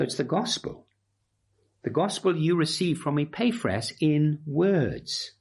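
A man delivers a sermon in a husky voice that rises and falls with lively movement. He drives his points home with emphatic, repeated phrases. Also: mid-range voice. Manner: emphatic, rhetorical repetition. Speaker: preacher. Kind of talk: expository sermon.

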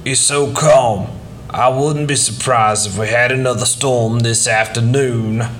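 A man reading a story aloud, voicing a calm, plain-spoken father in a slow, matter-of-fact way. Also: mid-range voice, a little hiss or hum, close to an everyday voice.

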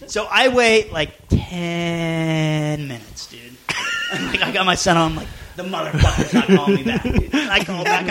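A high, bright-voiced man tells a story in loose podcast chat. His pitch swings widely as he acts out the people in it, and he swears freely and gets worked up. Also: moderate pace. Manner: animated, profane, acts out quotes. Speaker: podcast guest.

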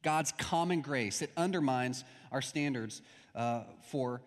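A man's voice: mid-range voice, takes it slowly. A young adult man preaching a sermon as a pastor, in a conversational style with stories and acted-out quotes. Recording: long hall reverb.

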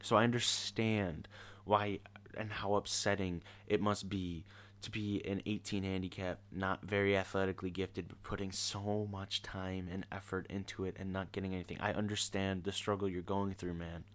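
A man's voice: deep voice, little pitch movement, normal speed, a bit bright. A teenage boy ranting casually in an exasperated, sarcastic way. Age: teens. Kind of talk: casual rant to camera.

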